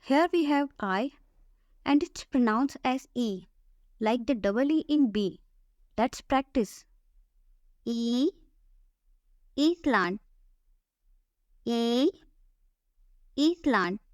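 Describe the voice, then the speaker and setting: Slow, careful woman teaching the alphabet. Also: sits high, a little mellow, dry recording, studio quality. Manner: slow, careful, repeats each word for practice. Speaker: language teacher. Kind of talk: slow scripted alphabet lesson.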